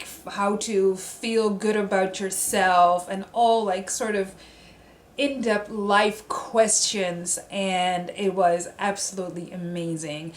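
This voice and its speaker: A young woman vlogger telling a personal story in a chatty, animated way, with many fillers. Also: medium pitch. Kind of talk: casual storytelling. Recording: roomy echo.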